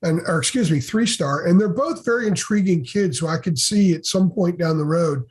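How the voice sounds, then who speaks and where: A man's voice: high-pitched, moderate pace, darkish tone, husky. A man hosting a casual podcast discussion, leading the questions with a self-deprecating manner. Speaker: podcast host.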